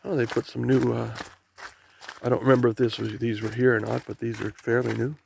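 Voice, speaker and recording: His voice is medium-pitched, creaky and a little mellow, delivered flatly and a bit quickly. He's a vlogger from Canada descending a rainy woodland trail to the ocean, rambling to the camera about the sights, while rain and waves murmur faintly.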